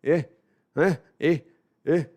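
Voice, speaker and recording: A man's voice: on the high side, steady tone, slow, dark tone. A man putting on a Canadian accent, playing a friendly northerner who ends phrases with questioning tags. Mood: jokey. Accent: put-on Canadian.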